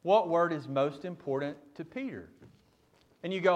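A male pastor preaching a sermon, speaking directly to the congregation and building from quiet teaching to loud, emphatic preaching. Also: a little high, normal speed.

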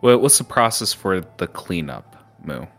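Deep-voiced male game master. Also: sing-song, unhurried, vocal fry, a bit bright, soft background music. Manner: descriptive, with restarts. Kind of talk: narrating a tabletop game.

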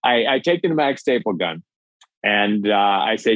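A man in his fifties from Minnesota, a filmmaker and actor telling a story in a lively, animated way over a video call. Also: fairly low pitch, moderate pace, no echo, poor audio. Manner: lively, acts out voices, stammers on restarts.

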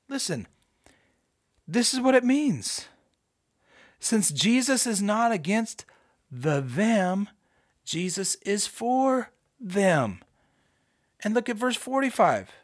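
A man hosting a podcast, giving a casual, animated Bible study with emphatic, self-deprecating asides. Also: sits high, slow, long pauses, dry recording, studio quality. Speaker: podcast host.

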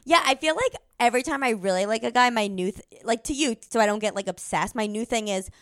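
A woman's voice: fairly high pitch, fast talker, fairly bright tone, dry recording, clean studio sound. A young woman co-hosting a podcast, chatty and playful, and she says "like" a lot. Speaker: podcast co-host. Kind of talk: casual chat.

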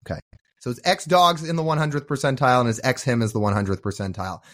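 A man's voice: mid-range voice, fast talker, a bit bright. A man co-hosting a sports podcast, talking in a casual, sarcastic and jokey way. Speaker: podcast co-host.

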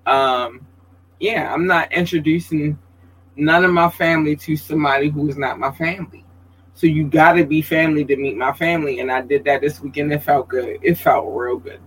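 On a rough recording with slight background noise, a man hosts a casual livestream podcast at normal speed. He chats expressively with his audience and reads out their comments, his voice soaring high in moments of excitement.

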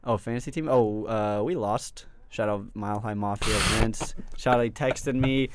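A man's voice: on the low side, moderate pace, noisy background. A young man hosting a casual sports podcast, upbeat and joking with friends. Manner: upbeat, joking, hypes the team. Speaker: podcast host.

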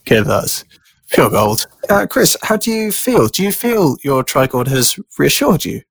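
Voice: mid-range voice, very animated, measured pace, gravelly, slightly rough, dry recording, studio quality. A host chatting casually and playfully teasing the guest. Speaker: podcast host. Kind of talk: casual comedic chat.

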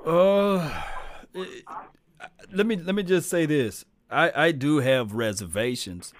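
A man's voice: a little high, slow. Laid-back man hosting a call-in show. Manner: laid-back, laughs often, gets loud and animated when joking. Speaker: podcast host. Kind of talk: casual call-in sports talk.

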